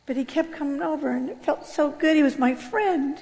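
A high-pitched woman from California tells her life story with raw feeling. She jumps from loud bursts to near-whispered lows, and her voice rings out with a long hall echo. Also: normal speed, long pauses. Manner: animated, swings between loud outbursts and hushed low passages. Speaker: speaker giving a personal testimony. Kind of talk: emotional storytelling testimony.

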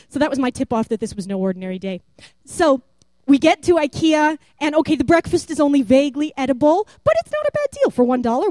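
A woman telling a rambling, animated testimony story and acting out the voices of the people in it. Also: sits high, dry recording. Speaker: church member giving a testimony.

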